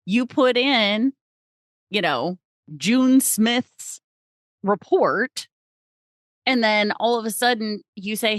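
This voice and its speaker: A woman's voice: medium pitch, no echo, studio quality. A woman hosting a podcast, chatting in an upbeat, affirming, conversational way.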